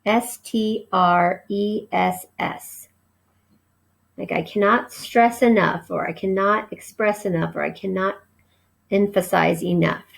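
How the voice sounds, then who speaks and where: This recorded vocabulary lesson comes from a woman teacher with a steady, gravelly mid-range voice. She goes slowly, spelling each word letter by letter and then explaining its meaning, over a rough recording.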